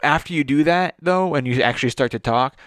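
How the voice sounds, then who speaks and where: A man's voice: fairly high pitch, brisk, a bit bright, dry recording. Guy giving blunt comedy advice, swears a lot, dry close sound. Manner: blunt, coaching, swears casually. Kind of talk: casual chat.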